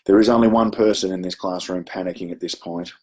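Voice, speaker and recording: A man's voice: deep voice, steady tone, quick pace, a little mellow. A man with an Australian accent presenting a webinar, telling a chatty, self-deprecating classroom story with frequent ums. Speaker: education presenter.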